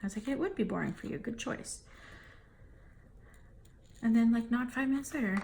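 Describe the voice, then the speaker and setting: A woman's voice: on the high side, normal speed, vocal fry, pauses often, darkish tone, a little hiss or hum. Exasperated woman venting a family story. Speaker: vlogger. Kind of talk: casual storytelling rant to camera.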